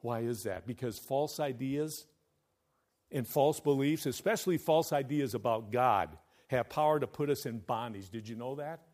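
At an ordinary pace and medium pitch, a male pastor preaches emphatically. Loud declarations give way at times to quiet, close asides.

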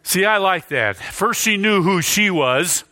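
Emphatic preacher, bright forceful voice. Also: male voice, high-pitched, animated, measured pace, dry recording. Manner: emphatic, repeats lines for stress, rises to near shouts. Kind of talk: sermon.

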